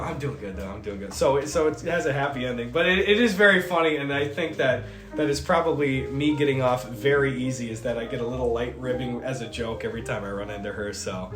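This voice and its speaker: A man in his twenties chatting casually on a stream, telling a story in a rambling, animated way. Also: mid-range voice, roomy sound. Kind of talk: casual chat. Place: indoor streaming room.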